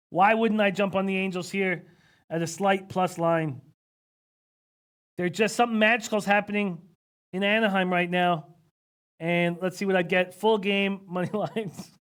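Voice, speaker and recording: A man hosting a live betting-picks stream, thinking aloud casually and reading out viewer comments with frequent hmms. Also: high voice. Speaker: sports betting analyst host.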